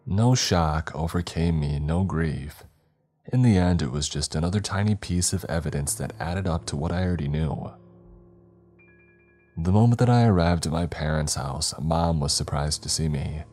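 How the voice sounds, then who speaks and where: A man narrating a scripted horror story in a steady, measured way. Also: a bass voice, soft background music.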